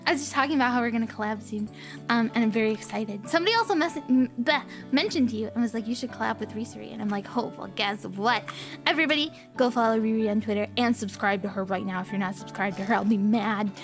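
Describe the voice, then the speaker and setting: High-voiced gushing woman streamer. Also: fast talker, faint music behind. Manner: gushing, emotional, giggly. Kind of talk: casual livestream chat.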